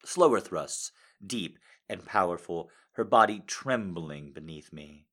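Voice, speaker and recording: A man reading a romance story aloud in a soft, intimate way, hesitant and full of fillers when he speaks off script. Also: low voice, lively intonation, measured pace, hardly any pauses. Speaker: reader of fiction.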